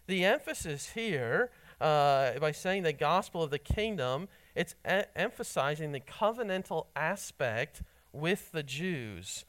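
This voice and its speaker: A man with a fairly high voice preaches to his congregation. He teaches in an earnest, steady way and leans hard on key words, sometimes repeating them for emphasis. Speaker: pastor. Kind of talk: sermon.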